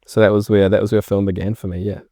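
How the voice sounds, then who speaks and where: A young man with a New Zealand accent talks through his story as a podcast guest, voicing past conversations with lively emphasis. His voice sits fairly low, and the sound is dry and close. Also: quick pace, no echo. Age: young adult. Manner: animated storyteller acting out remembered exchanges. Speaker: filmmaker guest. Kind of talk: casual podcast interview.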